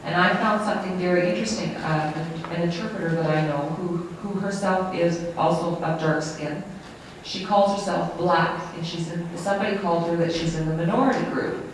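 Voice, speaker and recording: An interpreter voicing a lecture live, in a halting, self-correcting way. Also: mid-range voice, fairly even intonation. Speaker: sign language interpreter. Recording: very echoey room, distant mic, faint noise.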